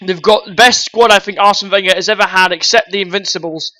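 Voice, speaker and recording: High, bright-voiced ranting football vlogger man. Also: steady tone, fast, no room sound, poor audio. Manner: blunt, ranting, swears freely; addresses viewers as guys. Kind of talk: opinionated transfer-news rant.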